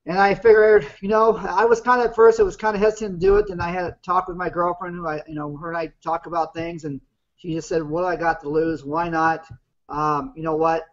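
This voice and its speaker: A man in his fifties, appearing as a guest business partner on a webinar, tells his personal story in a plain-spoken, rambling way. His voice is high-pitched and level in tone, moving a little fast. The video call audio is muffled and lo-fi.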